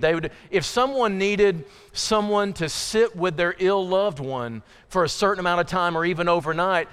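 A pastor preaching in a relaxed, conversational way, trailing into joking asides and restarting his sentences. His voice sits fairly high and rings clear and resonant. It carries a long reverb from the large church hall he speaks in. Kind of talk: conversational sermon. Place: church sanctuary.

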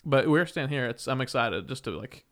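A man's voice: medium pitch, lively intonation, normal speed. A man hosting a podcast in a casual, easygoing chat. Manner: easygoing, laid-back, chuckles often. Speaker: podcast host.

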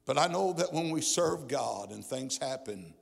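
A middle-aged male pastor giving a sermon testimony in a church, his delivery swinging from hushed to fervent. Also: mid-range voice, expressive, normal speed, gravelly, breathy edge. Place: church sanctuary. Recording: long hall reverb.

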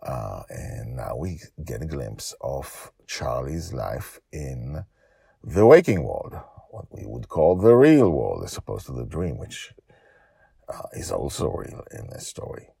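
A man with an extremely deep, gravelly voice narrates his own storybook and talks about how he wrote it. His reading swings through a wide range of pitch, and the sound is dry and close. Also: a little slow, no room sound. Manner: lively, expressive reading. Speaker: author and storyteller. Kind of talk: storybook narration and author commentary.

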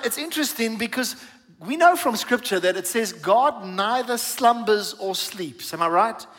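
A man's voice: high voice, fairly bright tone, in a large hall. A male pastor preaching a sermon, emphatic and drawing the congregation in with questions.

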